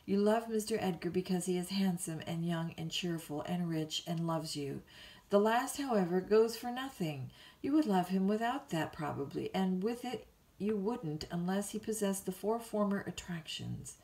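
A woman's voice: fairly low pitch, lively intonation, normal speed, warm tone. A woman reading a bedtime story, voicing a blunt middle-aged housekeeper who answers in a dry, scolding way. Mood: tart.

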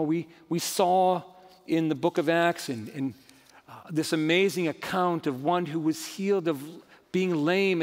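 A man's voice: fairly high pitch, long reverb tail. A male pastor preaching a sermon with emphatic, rising and falling delivery. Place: church sanctuary.

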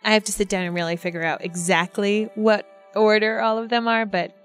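A woman's voice: mid-range voice, flat delivery, a little fast. A woman co-hosts a casual live commentary on a TV episode. She is playful and teasing, and she often turns to speak straight to her live audience. Faint music plays behind her. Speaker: podcast co-host.

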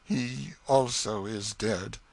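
A man voicing a solemn, sorrowful nobleman who speaks slowly and heavily in archaic English. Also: lowish voice, creaky, darkish tone, husky, dry recording, heavily acted. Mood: grave. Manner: slow, heavy, solemn delivery. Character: grave, sorrowful younger brother, nobleman.

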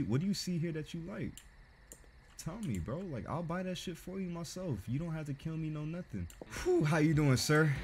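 A young man streaming a horror game, giving a profane, jumpy, joking running commentary. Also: medium pitch. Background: game music.

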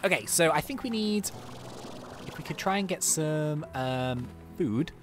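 Chatty gameplay commentary, excitable, laughs often, very lively pitch, soft background music. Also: a little slow. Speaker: let's-play host.

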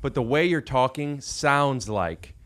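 A man's voice: medium pitch, expressive, takes it slowly, a bit bright. A man hosting a podcast, asking playful, teasing questions in a showroom. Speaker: podcast host. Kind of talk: casual podcast chat. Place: rug and carpet showroom.

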